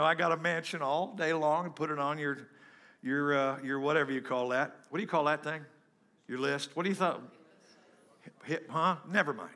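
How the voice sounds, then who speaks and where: A middle-aged pastor preaching a lively sermon to his congregation, breaking into hymns and joking with the crowd. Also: fairly high pitch. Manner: animated preaching, sings hymns and jokes with the congregation. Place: church before a congregation.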